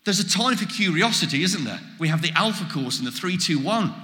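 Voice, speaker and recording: A man preaching a sermon, animated, acting out quoted exchanges as he goes. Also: high-pitched, fairly quick. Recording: echoey hall with long reverb.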